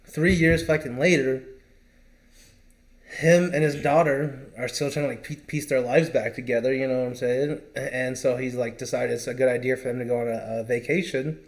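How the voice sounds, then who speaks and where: A man's voice: medium pitch, steady tone, moderate pace. A man co-hosting a podcast, telling a long story in a rambling, casual way with lots of fillers. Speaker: podcast co-host. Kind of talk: casual chat.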